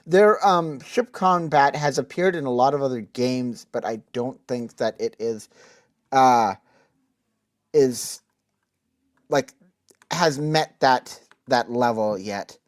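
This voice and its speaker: A podcast co-host talks in an unhurried, hesitant way during a casual livestream. Laughs come in between phrases, and the speech is full of pauses. The voice sits at a middle pitch.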